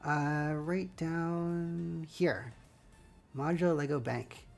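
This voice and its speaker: A woman's voice: low-pitched, very slow, a little mellow, soft background music. A woman streaming herself building LEGO live, chatting casually with viewers in a scratchy voice with a dry throat, rambling and friendly. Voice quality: scratchy, slightly gravelly voice. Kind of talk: casual livestream chat while building.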